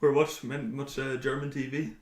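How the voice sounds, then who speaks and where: A man's voice: medium pitch, flat delivery, normal speed, echoey room, noisy background. A man from Ireland co-hosting a casual podcast chat, teasing and laughing often. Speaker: podcast co-host.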